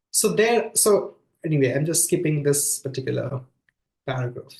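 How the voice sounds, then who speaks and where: A man's voice: a little high, animated, moderate pace, creaky, a little mellow. A man giving an academic lecture over a video call, talking conversationally with many fillers and restarts between read extracts. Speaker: guest lecturer. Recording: echoey room sound.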